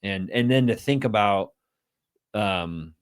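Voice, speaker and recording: A man's voice: lowish voice, takes it slowly, clear, resonant tone, no room sound, clean studio sound. A man co-hosting a casual religious conversation, earnest and thinking aloud. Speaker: podcast co-host.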